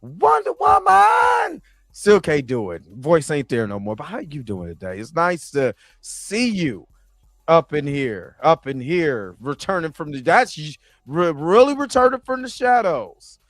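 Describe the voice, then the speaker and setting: A man's voice: fairly high pitch, measured pace, no room sound. A man hosting a live stream, chatting casually and with animation straight to his viewers. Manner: animated, talks straight to the chat.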